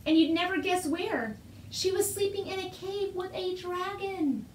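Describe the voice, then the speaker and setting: A woman voicing an earnest young farm boy in a storybook, speaking high and eagerly, recorded in an echoey room. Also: a little slow, recorded from a distance, slight background noise. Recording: roomy echo.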